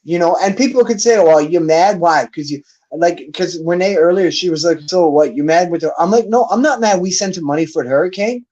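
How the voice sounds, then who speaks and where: High-voiced man ranting angrily. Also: brisk, darkish tone, highs cut off. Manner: angry, profane, calling someone out. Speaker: battle rap league host. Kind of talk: heated livestream rant.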